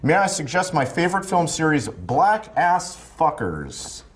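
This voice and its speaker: A man reads out prepared jokes in a widely swinging, animated voice. He stumbles over a word and laughs at himself before pressing on. The delivery stays loose and self-amused. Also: fairly high pitch, unhurried, a little hiss or hum. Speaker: comedian.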